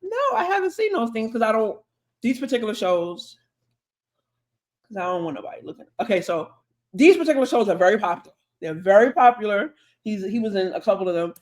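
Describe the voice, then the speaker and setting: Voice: medium pitch, very animated, a little fast, a little mellow. A podcast co-host telling a long, chatty anecdote in casual conversation, acting out the dialogue along the way. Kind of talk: casual storytelling.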